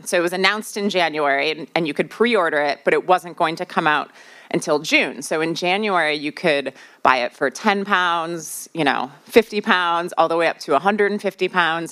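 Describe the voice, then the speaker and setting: A woman's voice: fairly low pitch, a bit bright. Chatty Midwestern American woman host. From United States. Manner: chatty, asks the crowd questions, many fillers. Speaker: podcast host. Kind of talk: live podcast talk to an audience. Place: live venue with audience.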